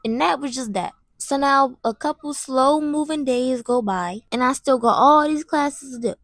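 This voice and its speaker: A young woman vlogger telling a personal story in an animated way, often stuttering and restarting. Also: high-pitched, moderate pace, no room sound, clean studio sound. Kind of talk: storytime vlog.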